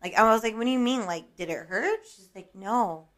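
A young woman chatting on a podcast, rambling through a story in a loose, filler-heavy way. She drops a casual swear now and then and acts out bits of dialogue, and her pitch sits in an ordinary middle range. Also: lively intonation, a little fast. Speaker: podcast co-host. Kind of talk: casual chat.

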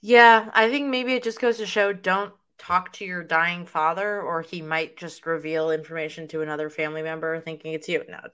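A woman with a somewhat low voice talks casually on a podcast. She sounds enthusiastic but halting, and she often restarts her sentences with fillers. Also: flat delivery, a bit bright, clean tone. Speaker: podcast co-host. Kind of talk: casual chat.

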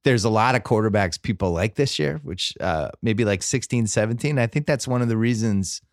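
Guy hosting a podcast, kinda low voice, dry mic, talks in circles with a wry edge. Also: brisk, no echo. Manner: rambling, self-interrupting, wry. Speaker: podcast host. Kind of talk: casual sports chat.

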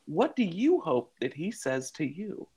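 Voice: medium pitch, big pitch swings, unhurried, dark tone, husky. A podcast host who asks questions and spins playful, teasing scenarios in casual chat.

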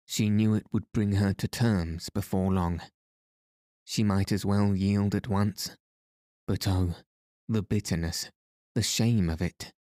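A man narrating a novel as an audiobook in a measured, even reading voice. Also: on the low side, no echo, studio quality. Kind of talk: scripted narration.

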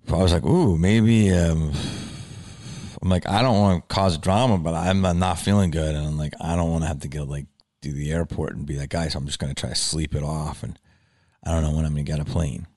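A man telling a story in a casual, animated way, with frequent swearing and filler words. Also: low voice.

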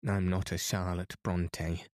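A man voicing an earnest, thoughtful young woman writer in a bedtime storybook reading, speaking softly. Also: low-pitched, level tone, slow pace, dry recording, clean studio sound.

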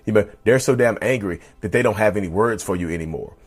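A man's voice: fairly low pitch, fast, breathy edge. A man hosting a casual podcast monologue, talking emphatically and repetitively and addressing listeners as y'all. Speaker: podcast host.

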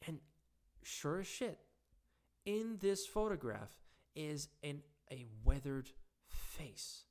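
Man, fairly high voice, hoarse, halting casual monologue, stumbles and restarts. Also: lively intonation, darkish tone. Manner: halting, with frequent restarts and fillers. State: hoarse, voice giving out.

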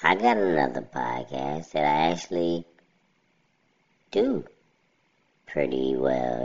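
Man in a deep pitched-down robotic voice. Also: sing-song, takes it slowly, gravelly, long pauses, muffled recording. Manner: blunt and rambling, often says "you know what I'm saying". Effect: pitched-down robotic voice filter. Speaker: podcast host. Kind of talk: casual solo podcast monologue.

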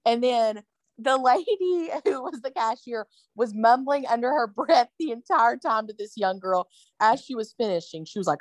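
A woman's voice: fairly high pitch, brisk, no room sound. A tired, yawning woman, telling a story in casual chat with lots of fillers. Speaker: podcast co-host.

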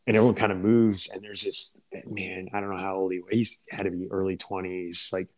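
A low-pitched man spins an army anecdote in a relaxed, profane way. He slips into the voices of the people he quotes as he tells it. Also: a little fast, rough recording. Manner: laid-back, swearing, acts out quoted voices. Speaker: veteran first sergeant. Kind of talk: casual podcast storytelling.

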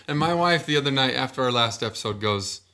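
Bright-voiced excitable male podcast co-host. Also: mid-range voice, fast. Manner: excitable, laughs often, stammers and restarts. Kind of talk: casual sports podcast chat.

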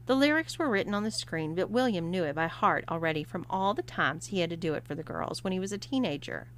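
A woman narrating a story, reading expressively and at a measured pace. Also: lowish voice, lively intonation, a bit bright, a little hiss or hum.

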